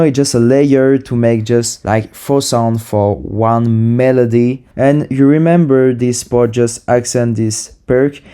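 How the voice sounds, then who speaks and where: Mellow-voiced man explaining beat production. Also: mid-range voice, clean tone. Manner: enthusiastic, repeats "super" and "you know". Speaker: music producer. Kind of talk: casual tutorial walkthrough.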